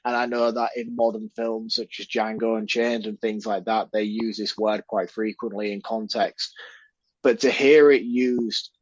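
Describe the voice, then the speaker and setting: A man's voice: on the low side, fairly even intonation, normal speed, dry recording. Guy podcasting, earnest, kinda muffled dry sound. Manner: earnest, thoughtful, talks with restarts and repeats. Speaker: podcast co-host. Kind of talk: casual chat.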